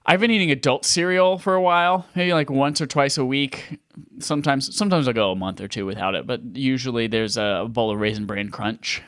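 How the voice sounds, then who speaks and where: A podcast co-host in casual chat, an animated, mock-dramatic storyteller talking from home over a video call. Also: mid-range voice, fairly quick, dry recording, studio quality.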